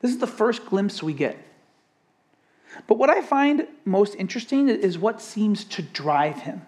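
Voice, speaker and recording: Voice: mid-range voice, big pitch swings, a little slow, a little mellow, breathy edge. A pastor preaching a sermon with emphasis, asking the congregation rhetorical questions.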